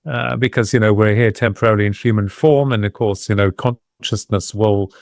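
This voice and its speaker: A man with a fairly low voice tells a long personal story in a reflective, wandering way. He often pauses and restarts his sentences as he goes. The sound is dry and close. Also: fairly even intonation, vocal fry, a little mellow, no room sound. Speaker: guest, medium and UFO researcher. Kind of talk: casual podcast interview storytelling.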